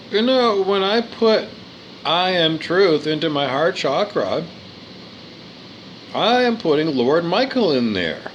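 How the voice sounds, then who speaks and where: A man's voice: high-pitched, a bit bright, a little hiss or hum. A man giving an earnest spiritual monologue, repeating his phrases and stumbling over his words. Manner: earnest, repetitive, with stumbles and restarts.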